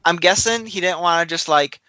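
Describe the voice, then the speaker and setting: Bright-voiced rambling man podcasting. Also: high voice, brisk, dry recording. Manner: rambling, laughs at own slips. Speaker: podcast co-host. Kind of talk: casual chat.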